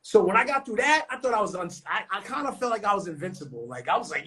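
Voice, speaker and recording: A man's voice: sits high, expressive, fast talker, hardly any pauses, sharp tone, husky. A young man from New York talking on a podcast in a loose, slangy, profane way. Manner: slangy, profane, street talk. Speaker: podcast co-host. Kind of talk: casual podcast chat.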